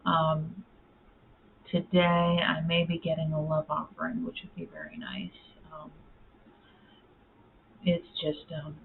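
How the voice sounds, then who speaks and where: Gravelly-voiced woman with tinny audio. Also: deep voice, level tone, slow, long pauses. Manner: rambling, lots of fillers; coos at her cats in baby talk. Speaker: vlogger. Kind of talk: casual chat. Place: home, at her computer. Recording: tinny phone-like audio with faint noise.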